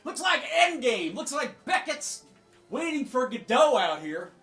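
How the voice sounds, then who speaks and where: A man's voice: very high voice, big pitch swings, a little slow, reverberant, soft background music. A man giving sarcastic, mocking political commentary over clips. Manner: sarcastic, mocking, swinging loud to soft.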